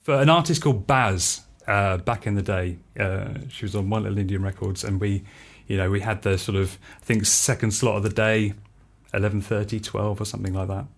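A man, a freelance composer, telling anecdotes in a casual interview, animated and laughing often as he acts out what people said. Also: on the low side, fairly quick, gravelly. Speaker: freelance composer and musician, podcast guest.

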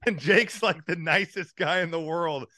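Bright-voiced storytelling podcast man. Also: on the high side, moderate pace, no echo, studio quality. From Indiana. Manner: animated storyteller, laughs often. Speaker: podcast co-host. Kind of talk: casual sports chat.

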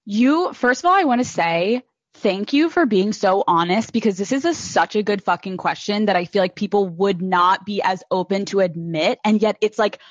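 A woman's voice: medium pitch, moderate pace, dry recording, lo-fi sound. A woman hosting a podcast in casual chat, gushing and swearing freely, with lots of "like" fillers. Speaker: podcast host.

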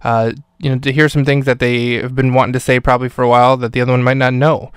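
A man's voice: medium pitch, little pitch movement, quick pace, smooth, no echo. A man hosting a podcast, giving a casual spoken film review full of fillers and self-corrections, close to the microphone.

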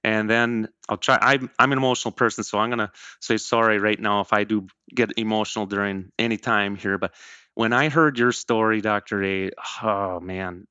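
A low-voiced man around fifty talks through his story in a casual interview, earnest and rambling, stopping to correct himself. His tone is bright and forceful but smooth, and the recording is dry and close. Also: fairly even intonation, moderate pace, dry recording, highs cut off. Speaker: program member.

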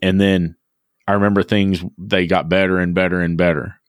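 A man's voice: deep voice, little pitch movement, normal speed, no echo, clean studio sound. A man co-hosting a podcast, telling a long personal story in a reflective, repetitive way. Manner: reflective storytelling, repeats words as he thinks. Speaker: podcast co-host. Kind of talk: casual podcast chat.

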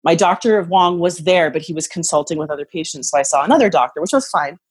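A woman in her thirties, telling a personal story in casual chat, animated and acting out what others said. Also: fairly low pitch, fast talker, breathy edge, no echo, poor audio. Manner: animated, acts out quoted voices.

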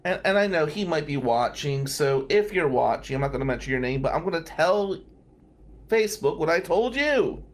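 A man from New Jersey, a defense lawyer hosting a podcast, telling a profane, wry story casually. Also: a little high. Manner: wry, profane, animated anecdotes.

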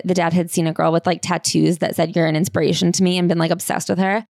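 A woman co-hosting a podcast, recapping a story in quick, animated casual chat and acting out quotes. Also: fairly low pitch, gravelly, no echo, studio quality. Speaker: podcast co-host.

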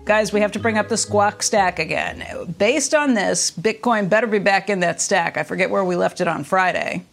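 A woman co-anchoring a morning business show. She greets viewers and chats with quick, upbeat remarks. Soft music sits faintly underneath. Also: mid-range voice, gravelly. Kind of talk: live TV banter.

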